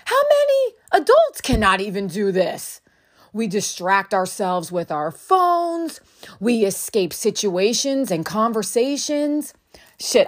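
A woman in her thirties, a mother telling a parenting story in a candid, reflective way, swearing now and then. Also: medium pitch. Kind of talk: casual storytelling monologue.

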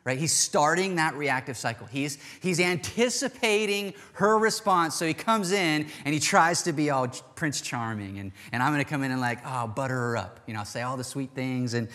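A man's voice: fairly high pitch, moderate pace, few pauses, bright, forceful tone. A man preaching a casual, chatty sermon to a congregation. He acts out the quoted lines in little voices as he goes. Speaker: pastor. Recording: long hall reverb.

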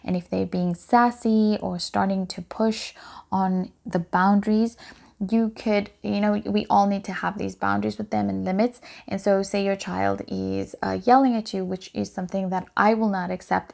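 A middle-aged woman hosting a solo parenting podcast, giving calm, earnest advice with frequent ums and restarts. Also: medium pitch, moderate pace, creaky. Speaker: podcast host.

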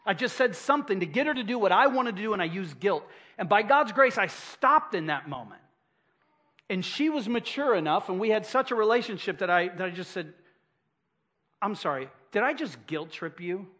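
A man's voice: sits high, expressive, a little fast, a bit bright. A middle-aged man pastor delivering a sermon, emphatic and repeating key phrases for effect.

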